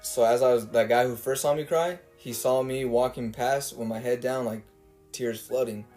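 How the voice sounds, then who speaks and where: A man's voice: medium pitch, steady tone, moderate pace, a little mellow, soft background music. Young male co-host, mid-range voice, loose rambling storyteller, swears freely. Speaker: podcast co-host. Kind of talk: casual chat.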